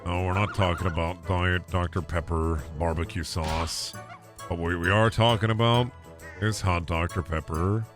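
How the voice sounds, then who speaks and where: A man putting on a slow, low, drawling voice for a lazy male cartoon cat. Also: fairly even intonation, over music, natural voice. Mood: droning. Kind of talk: comic voice impression.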